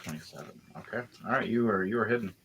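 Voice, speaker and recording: A man's voice: lowish voice, fast talker, very noisy. A man narrating as game master in a casual, chatty way, laughing often.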